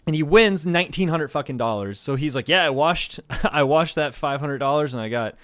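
A man co-hosting a podcast, telling a story in a rambling, profane, animated way. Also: fairly high pitch, brisk, no room sound, studio quality. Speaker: podcast co-host. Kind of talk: casual storytelling chat.

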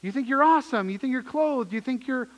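A man's voice: very high voice, expressive, fairly quick, dull audio, pitched above the performer's own voice. A man voicing Jesus as a grown man, pleading with and rebuking a church. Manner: urgent, scolding, pleading.

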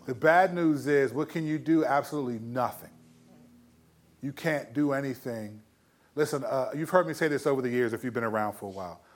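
A man hosting a faith talk show, casually giving Bible advice with easygoing slang and frequent chuckles. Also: medium pitch. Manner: laid-back and slangy, chuckles often, many restarts. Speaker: Christian podcast host answering questions.

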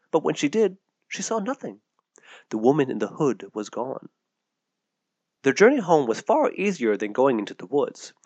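Expressive, lively storybook narrator, a man. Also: medium pitch, no room sound, muffled recording.

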